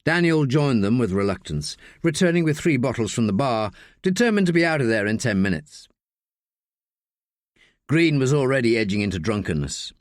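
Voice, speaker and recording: A male audiobook narrator whose pitch swings widely as he reads, giving an animated, expressive telling. His voice sits mid-range, recorded close and bone-dry. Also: moderate pace, dry recording.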